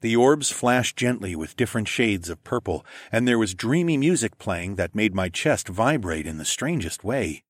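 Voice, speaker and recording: A man's voice: on the low side, expressive, normal speed, hardly any pauses, dry recording, clean studio sound. A man reading a first-person story aloud in a casual, wry tone. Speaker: narrator.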